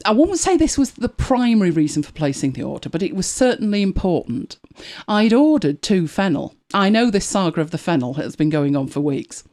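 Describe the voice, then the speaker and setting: A woman from Manchester, England, with an English accent hosts a live podcast, spinning wry everyday stories in a chatty way and laughing along. Her voice is lowish and warm, with big swings in pitch, and she talks a little fast with hardly any pauses.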